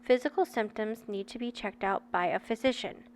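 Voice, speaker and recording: A woman in her thirties with a fairly high voice reads a book aloud to her viewers. She breaks off often to share candid, chatty personal asides, talking straight to her audience. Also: normal speed. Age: 30s.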